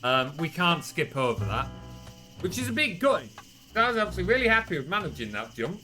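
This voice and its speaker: A man's voice: a little high, very animated, a little fast, pushed and bright, faint music behind, low-quality recording. A man with a Yorkshire accent giving casual, chatty commentary while streaming a game, swearing freely and answering his chat aloud. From Northern England.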